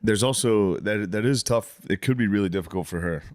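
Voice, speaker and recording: A man's voice: lowish voice, fairly quick, darkish tone, no echo, clean studio sound. A man co-hosting a podcast, trading crude, laughing banter in casual chat. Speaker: podcast co-host.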